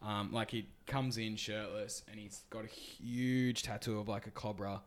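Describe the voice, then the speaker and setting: A man's voice: on the low side, steady tone, normal speed. An Australian man co-hosting a comedy podcast who tells stories in casual chat, laughs often and puts on funny voices for the people he quotes. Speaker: podcast co-host.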